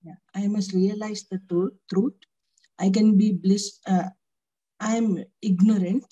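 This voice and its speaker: A woman's voice: mid-range voice, fairly even intonation, a little slow, mellow, slightly rough, dull audio. Hesitant woman reciting lessons. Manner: hesitant, reciting points back. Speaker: student. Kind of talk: answering on a video call. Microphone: video call.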